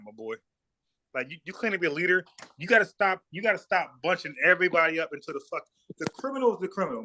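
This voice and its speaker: A man's voice: on the high side, bright, forceful tone, a little hiss or hum. A man from South Carolina hosting a livestream, talking bluntly and profanely, repeating words when he gets fired up. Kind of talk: casual heated debate.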